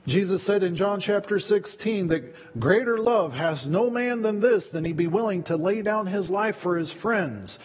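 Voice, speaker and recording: A male pastor delivers a sermon in a loose, conversational way, often doubling up his words mid-thought. His voice sits a little high and has a husky edge. It rings out with the long reverb of a church sanctuary. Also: lively intonation, unhurried, few pauses. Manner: conversational, repeats words while preaching.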